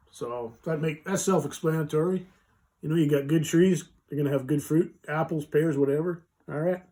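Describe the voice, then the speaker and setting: A man's voice: on the high side, a little fast, dark tone. A man hosting a casual live vlog, rambling folksily with many fillers and restarts as he reads and explains a short scripture passage. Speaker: vlogger reading a Bible passage.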